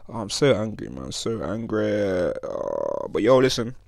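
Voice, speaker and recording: Speaking into his own podcast mic, this young host rambles through a casual solo show, swearing often and constantly checking "you know what I'm saying." His voice sits fairly low, with wildly swooping pitch, a moderate pace and a gravelly, darkish tone. The sound is dry.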